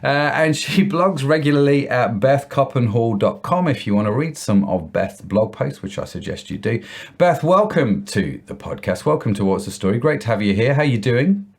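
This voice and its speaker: A man's voice: medium pitch, expressive, normal speed, vocal fry, slightly rough. A man hosting a podcast over a video call, bantering and joking, with lots of "uh" hesitations. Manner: warm joking banter, many "uh" fillers. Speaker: podcast host. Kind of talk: casual video-call chat.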